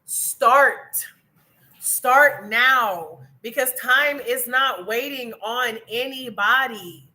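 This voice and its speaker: A woman, giving a loud, preachy motivational talk straight to her viewers on a livestream from home. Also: fairly high pitch, slow pace, hardly any pauses. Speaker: travel content creator. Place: home in Colombia.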